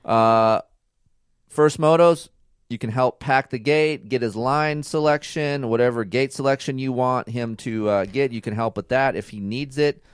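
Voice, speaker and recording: A man's voice: mid-range voice, unhurried, smooth, no room sound, studio quality. A man co-hosting a casual podcast with his partner, giving blunt, profane advice in a lecturing way. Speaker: podcast co-host. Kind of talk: casual couple chat.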